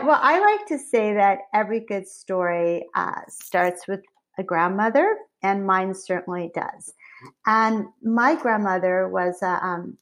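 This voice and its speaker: A middle-aged woman, a company founder and guest, telling family stories in an animated, conversational way. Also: medium pitch. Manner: lively, animated storyteller with laughs. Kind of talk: conversational storytelling.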